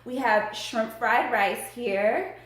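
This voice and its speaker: A woman hosting a casual eating vlog who talks in a bubbly, excited way between bites. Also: on the high side, slow. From Tampa, Florida area. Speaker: mukbang vlogger. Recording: echoey room.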